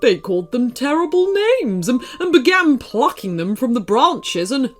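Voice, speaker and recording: Slow grumbly raven guy with a big swoopy voice, lady doing it, faint music. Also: high voice, big pitch swings, voice pushed up. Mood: grumbling. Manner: grumbling, snorting. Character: grumbly polite old raven in a tree. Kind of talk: storybook voice acting.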